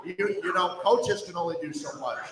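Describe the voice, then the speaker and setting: A man's voice: high voice, brisk. A man hosting a live sports talk podcast, giving blunt, emphatic opinions at a brewery party. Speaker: sports radio host. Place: brewery release party, indoors. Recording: echoey hall, mic far off, crowd chatter.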